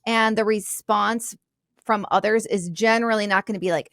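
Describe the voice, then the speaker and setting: A woman's voice: medium pitch, a little fast, fairly bright tone, no room sound, studio quality. A woman co-hosting a podcast, explaining workplace ideas in a candid, casual way with lighthearted asides. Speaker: podcast co-host.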